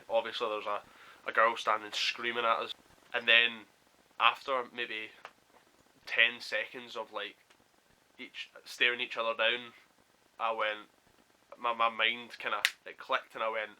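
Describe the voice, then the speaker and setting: A man's voice: medium pitch, rough recording. A young man vlogging from home, telling a story and acting out the quoted lines. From Scotland. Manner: animated storyteller who acts out quoted lines. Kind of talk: storytelling vlog.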